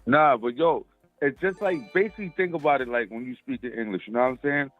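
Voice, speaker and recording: A man's voice: medium pitch, fast, soft background music. A man calling into a show, explaining in a laid-back, slangy way with lots of fillers. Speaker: caller. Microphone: phone call. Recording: tinny phone line.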